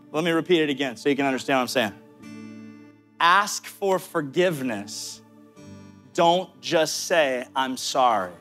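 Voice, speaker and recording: A man with a Southern US accent preaching a sermon, talking directly to his listeners with quick asides. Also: fairly high pitch, fairly bright tone. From American South. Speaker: pastor.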